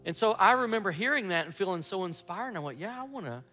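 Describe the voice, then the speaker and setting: A pastor in his fifties telling a story in a sermon, animated and acting out his own past excitement. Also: high-pitched, fast talker. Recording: echoey hall with faint music.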